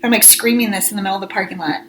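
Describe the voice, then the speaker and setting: A woman co-hosting a casual podcast, telling a story with lively energy and bursts of shouting when she acts out scolding her kids. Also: medium pitch, rapid-fire, slight background noise, rough recording. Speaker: podcast co-host.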